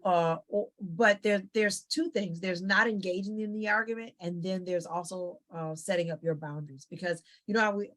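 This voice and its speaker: A woman psychologist talking as an interview guest, giving lively conversational advice and acting out little family dialogues. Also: lowish voice, normal speed, hardly any pauses. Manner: animated, acts out family dialogues with quoted voices.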